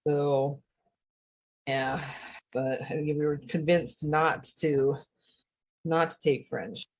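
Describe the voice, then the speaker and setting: A Rhode Island woman in her forties guests on a podcast, chatting casually in a low-pitched, slightly mellow voice. She speaks slowly with fairly even intonation, rambling through stories with lots of fillers and laughter.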